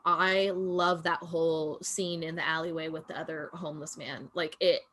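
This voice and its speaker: A woman's voice: low-pitched, steady tone, moderate pace, a bit bright. A woman co-hosting a casual reaction chat, gushing, with loose fillers and casual swearing. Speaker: co-host.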